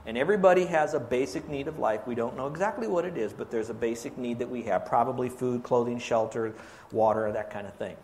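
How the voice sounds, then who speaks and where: A pastor preaching a sermon, asking his congregation questions and drawing out key words slowly. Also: mid-range voice, a little mellow, slight background noise.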